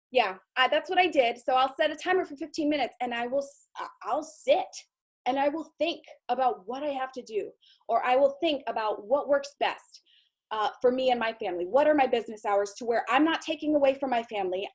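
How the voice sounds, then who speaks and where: A woman in her thirties giving a casual training talk to her sales team, chatty and self-deprecating, with frequent fillers and quick laughs. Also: sits high.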